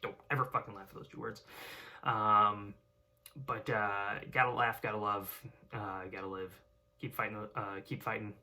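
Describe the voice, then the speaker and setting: A man's voice: on the low side, little pitch movement, moderate pace, pushed and bright. A young man talking casually to camera in a rambling way, full of fillers and restarts. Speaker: vlogger.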